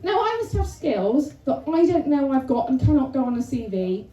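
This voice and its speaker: A woman's voice: high voice, big pitch swings, normal speed, warm tone, muffled recording. A woman performing a chatty, self-mocking stand-up comedy set on a club stage. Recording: roomy venue sound, from a distance.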